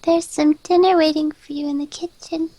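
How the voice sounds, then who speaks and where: A man voicing a shy, timid teenage schoolgirl in a high falsetto. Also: little pitch movement, normal speed, mellow.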